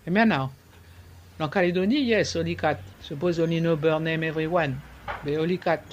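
A man, talking casually in an interview. He slips French words into his speech and pauses often to search for words. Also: fairly high pitch, highs cut off, slight background noise. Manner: searching for words, many fillers. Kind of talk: casual conversation.

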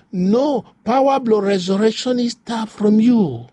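A man's voice: high voice, expressive, a little slow, mellow. A man preaching a devotional sermon, repeating phrases in a rhythmic, rising way. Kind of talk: devotional sermon in pidgin English.

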